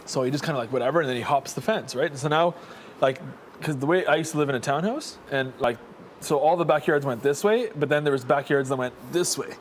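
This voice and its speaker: Dude talking fast, tons of fillers, bit of hiss behind. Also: male voice, a little high. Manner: rambling, animated storyteller full of fillers. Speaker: houseguest. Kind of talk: casual chat, storytelling.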